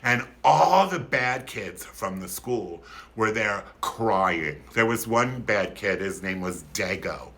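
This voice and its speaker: A man's voice: lively intonation, slow pace, a bit bright. A man in his fifties from Philadelphia, telling a comic story on a livestream in a campy, flamboyant, theatrical way. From Philadelphia, USA. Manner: campy, flamboyant and theatrical, with sudden high-pitched outbursts.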